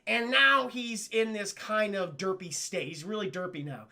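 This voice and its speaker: A young man retells a cartoon episode to his chat in a high, bright voice with plenty of gravel and fry. He swears freely and leaps up and down in pitch whenever he quotes a character, keeping it loose and animated. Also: moderate pace. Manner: animated, profane, swoops up and down the pitch when quoting characters. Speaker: cartoon reviewer streaming to chat.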